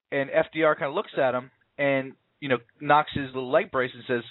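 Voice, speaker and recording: Speaking fast with hardly a pause, this US man gives a casual review of a film, his steady mid-range voice full of fillers and false starts. The recording is dry and sounds tinny, like a phone call.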